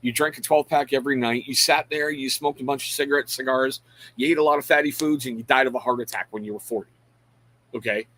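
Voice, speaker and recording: Heard through poor audio, a middle-aged man with a mid-range, slightly bright voice hosts a relaxed, rambling live stream. Frank and self-mocking, he drops thoughts halfway to call out viewers by name.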